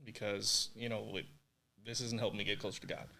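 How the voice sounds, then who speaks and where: A man's voice: fairly low pitch, flat delivery, fairly quick, creaky, pushed and bright. A young man from Puerto Rico telling his personal faith story as a podcast guest, earnest and emotional, full of "like" and "you know".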